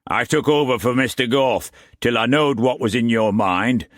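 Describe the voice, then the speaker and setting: A man reads aloud at normal speed, voicing a hard, pockmarked first mate who talks in blunt sailor's dialect, with a steady mood. His mid-range voice is pushed up yet stays close to everyday speech, captured as a dry, clean studio recording.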